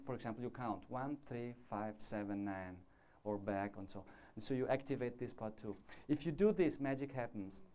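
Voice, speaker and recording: His voice sits at medium pitch, clear and resonant with a slightly mellow touch, as he gives a live orthodontics lecture at a conference. Speaking discursively to the audience in the hall, he gestures to demonstrate and checks in with them, preserved on dull 1990s lo-fi tape.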